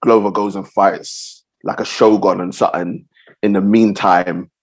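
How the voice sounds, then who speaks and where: A man chatting about fights on a podcast in an easygoing, agreeable manner. His voice sits a little low. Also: unhurried, poor audio. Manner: relaxed, agreeable, backchannels a lot. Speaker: podcast co-host. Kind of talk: casual fight-talk chat.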